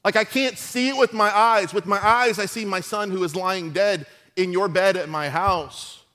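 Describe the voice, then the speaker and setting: A man's voice: high-pitched, normal speed, bright, forceful tone. A man preaching a sermon, retelling a scripture story in a loose, conversational way full of modern asides. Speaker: pastor.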